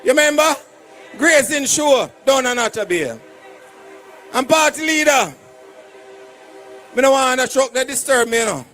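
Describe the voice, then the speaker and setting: A Jamaican man, a doctor and political candidate, shouting a fiery rally speech to a crowd of supporters. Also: extremely high pitch, expressive, unhurried, long pauses, faint music behind.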